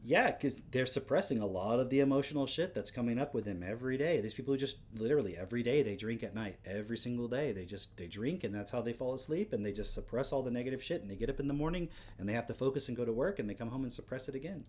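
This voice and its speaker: A man's voice: mid-range voice, expressive, fast talker, few pauses, a little mellow. A man hosting a livestream, chatting casually to his viewers about a clip. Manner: casual, offhand, talking to the chat. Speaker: livestream host. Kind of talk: casual reaction commentary.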